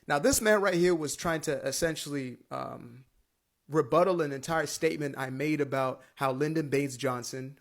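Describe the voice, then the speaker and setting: A man's voice: mid-range voice, vocal fry. A man hosting a commentary video, lecturing through a rebuttal with dates and facts.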